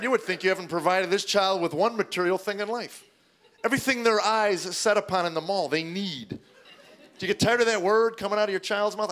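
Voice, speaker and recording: A middle-aged man doing stand-up, telling deadpan stories and acting out his kids' voices before a live audience. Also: high-pitched. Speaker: stand-up comedian. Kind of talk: stand-up comedy routine. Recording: live show with audience noise.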